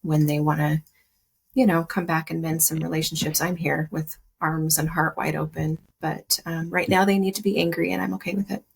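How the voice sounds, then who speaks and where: A woman speaking as a podcast guest, soft and reflective, often hesitating and restarting her sentences. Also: sits low, level tone, moderate pace, vocal fry, husky. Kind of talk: personal conversation.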